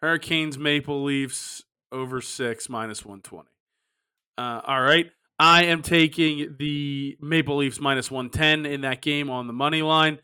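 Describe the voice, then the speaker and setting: A man's voice: fairly high pitch, smooth. A man hosting a casual sports betting podcast, running through picks and reading off odds. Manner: runs the picks, quick laughs, reads odds in a flat list. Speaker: podcast host.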